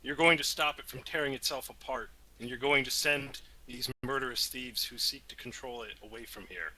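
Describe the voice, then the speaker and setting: A man's voice: mid-range voice, normal speed, sharp tone, low-quality recording. A man voicing a stubborn, earnest male traveler from overseas who insists on being heard. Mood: insistent.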